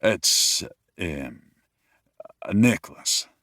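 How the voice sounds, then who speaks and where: An actor playing a charming, brooding young wolf-shifter king in an audiobook, speaking in an easygoing, teasing way that turns quiet and wistful. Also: low-pitched, expressive, extremely slow, dry recording, studio quality, heavily acted. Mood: sheepish. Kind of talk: dual-narration audiobook acting. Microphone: close studio mic, dry.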